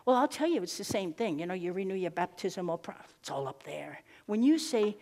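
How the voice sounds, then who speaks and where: An older woman giving a conference talk, telling lively personal stories with asides and tag questions, laughing at herself now and then. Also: mid-range voice, brisk. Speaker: guest speaker. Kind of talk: storytelling keynote speech. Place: conference hall. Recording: long hall reverb.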